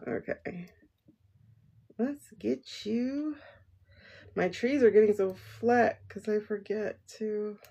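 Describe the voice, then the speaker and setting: Slow, gravelly woman chatting on a livestream. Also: medium pitch, warm tone. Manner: rambling, chatty, laughs often. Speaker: livestream tarot reader. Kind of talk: casual livestream chat. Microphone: phone livestream.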